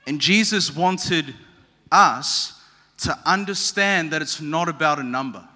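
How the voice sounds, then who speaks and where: A male pastor preaches in a bright, fairly high voice, talking conversationally and slipping in humor. He asks the congregation questions as he goes. The long reverb of a large church hall trails after each phrase. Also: a little slow. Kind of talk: sermon.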